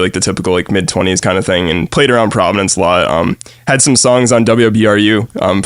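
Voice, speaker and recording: A young man from New, appearing as a podcast guest, speaks in a lowish voice captured in a dry, studio-quality recording. His manner is relaxed and casual, rambling along with lots of fillers and easy laughter.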